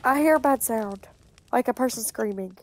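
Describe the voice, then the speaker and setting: A woman in casual gaming chat who gets excited and calls out everything she spots. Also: a little high. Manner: excitable, quick to call things out.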